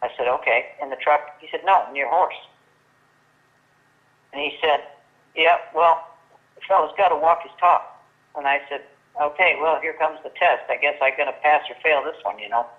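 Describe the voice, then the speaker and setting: A woman's voice: sits low, normal speed, pauses often. An older woman spins a long anecdote over a tinny phone line. She slips into the voices of the people she quotes and often restarts her sentences as she goes. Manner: lively storyteller acting out quoted dialogue, many restarts. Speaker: guest. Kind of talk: storytelling in casual chat. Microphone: telephone.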